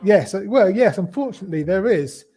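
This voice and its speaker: A man hosting a casual political chat show, talking in a halting way with many restarts and fillers. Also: high-pitched, animated, mellow, husky. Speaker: podcast host.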